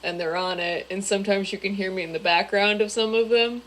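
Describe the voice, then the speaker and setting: A woman's voice: medium pitch, fairly even intonation, a little fast, very noisy. A woman joining a podcast as a new panelist, chatting casually and joking with playful mock pride. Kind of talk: casual chat.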